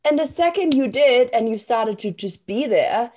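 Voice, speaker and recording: A woman's voice: on the high side, expressive, normal speed, dark tone. Enthusiastic, emphatic woman host. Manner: enthusiastic, emphatic, swears casually. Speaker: podcast host. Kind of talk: casual conversation.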